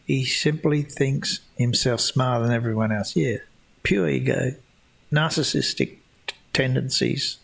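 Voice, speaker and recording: A man hosting a casual livestream Q&A, answering chat questions in a rambling way with many restarts and a scornful tone toward flat-earth believers. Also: mid-range voice, unhurried, creaky, slightly rough.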